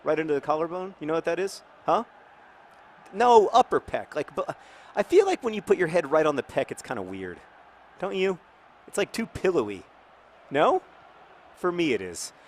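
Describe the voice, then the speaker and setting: A man in his thirties gives casual, rambling game commentary in a fairly high voice. He is jokey and breaks into sudden shouted cheers. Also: sing-song, normal speed, pauses often. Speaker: game host.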